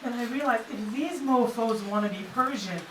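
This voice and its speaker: A woman's voice: on the high side, normal speed. A woman performing a brash, mocking stand-up comedy set on a comedy club stage. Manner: brash, mocking, punchy delivery. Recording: echoey club from far off, noisy. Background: audience laughter.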